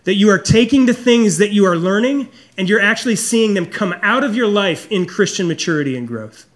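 A man preaching a sermon as pastor, earnest and confessional, often dropping low and soft to stress a point. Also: animated, brisk.

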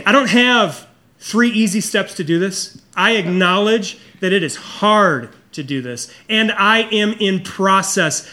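Middle-aged male pastor with a high-pitched voice, preaching earnestly and personally. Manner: earnest, confessional, drops low and soft for emphasis. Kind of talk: sermon.

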